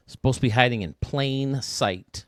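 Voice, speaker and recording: A man's voice: medium pitch, dry recording, studio quality. A man giving casual, chatty gameplay commentary, talking to his viewers as he tours a built stadium. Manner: chatty, excitable, talks to viewers. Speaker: video game stadium reviewer.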